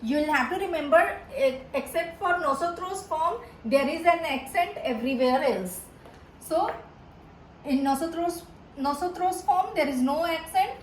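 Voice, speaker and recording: A woman's voice: extremely high pitch, expressive, unhurried. A woman tutoring a grammar lesson, repeating each word several times, with many fillers and restarts. Her first language is Hindi. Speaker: Spanish tutor. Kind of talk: slow, repetitive grammar lesson. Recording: echoey room with faint background noise.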